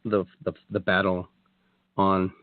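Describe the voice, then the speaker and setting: A man's voice: low-pitched, completely flat delivery, slow, no echo. Rambling man on a tinny line. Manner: rambling, many restarts and quoted asides. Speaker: guest. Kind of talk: casual storytelling on a radio talk show. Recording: tinny phone-like line, dry.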